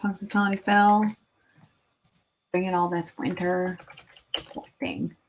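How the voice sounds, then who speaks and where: A woman's voice: on the low side, little pitch movement, slow pace, a little hiss or hum. A young woman making classroom activities, chatting casually to viewers and rambling as she thinks aloud, with filler words and the odd whisper. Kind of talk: casual work-with-me chat.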